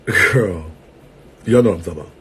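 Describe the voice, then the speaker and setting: A man's voice: deep voice, fairly quick, breathy edge. Sassy, laughing man talking to viewers. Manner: sassy and playful, laughing often, calling viewers girl and sweetheart; swings between loud bursts and quiet asides. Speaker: vlogger and entertainer. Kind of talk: casual talk to viewers.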